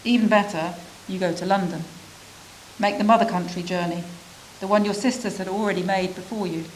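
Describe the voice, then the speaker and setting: A woman reads a literary story aloud in a measured, reflective voice, at a middle pitch. She lets pauses sit between phrases. A faint hiss stays under her voice. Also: fairly even intonation, poor audio. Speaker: reader of a refugee's story. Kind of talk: reading a literary prose piece aloud.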